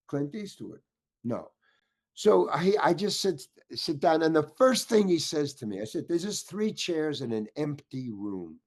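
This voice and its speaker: Brief: older male actor as interview guest, lively swooping delivery, restless restarts, heated storytelling. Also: mid-range voice. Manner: animated, stammering restarts, acts out voices in his story. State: getting worked up.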